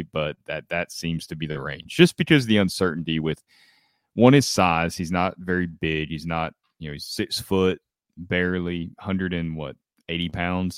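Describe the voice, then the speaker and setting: Deep-voiced man analyzing football prospects. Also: no room sound, studio quality. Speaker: podcast co-host. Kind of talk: casual sports chat.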